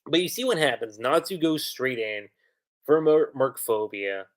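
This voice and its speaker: A young man talks through an anime episode on a casual livestream, piling up fillers and restarts. His pitch rises and falls in a very lively way. He sits close to a desk mic. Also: measured pace. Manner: animated recap with many fillers. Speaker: anime reviewer.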